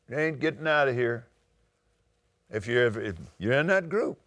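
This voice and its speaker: A man's voice: medium pitch, animated, normal speed, a bit bright, no echo, clean studio sound. An older man with a Southern US accent, preaching a sermon and reading scripture aloud with dramatic swings in his voice.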